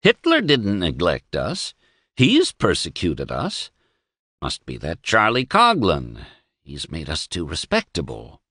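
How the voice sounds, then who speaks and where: A man's voice: low-pitched, wildly swooping pitch, slow, bright, forceful tone, no room sound, studio quality, full character voice. A man voicing an indignant, outspoken priest who snorts his protests in an audiobook.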